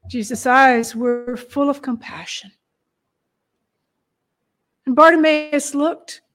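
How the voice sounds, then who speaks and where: A woman storyteller with a high voice delivers a dramatic retelling, slow and expressive. She drops into hushed moments and leaves long pauses.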